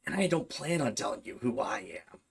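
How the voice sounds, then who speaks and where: A man voicing a menacing demon possessing a young woman, speaking in a slow, cold, quiet taunting way. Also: medium pitch, expressive, gravelly, slight background noise. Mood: cold menace.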